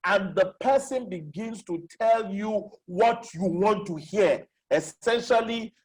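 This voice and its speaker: Over a video call, a webinar facilitator runs a live online lecture, repeating the key questions and checking that everyone is keeping up. The voice sits in the mid range, and the recording is rough.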